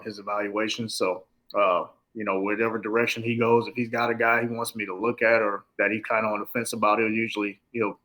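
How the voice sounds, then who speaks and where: A man's voice: fairly low pitch, sharp tone, low-quality recording. Laid-back man in his thirties. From Los Angeles. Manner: laid-back, easygoing, some stammering restarts. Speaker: football coach, podcast guest. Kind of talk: casual interview chat.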